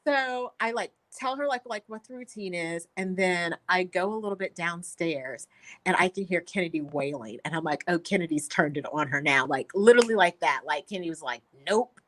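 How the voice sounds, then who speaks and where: A woman in her thirties, a guest telling chatty, lively stories in a casual talk. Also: lowish voice, a little fast. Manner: lively, chatty storyteller who acts out quotes. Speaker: guest, construction company owner. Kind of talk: casual chat on a live show.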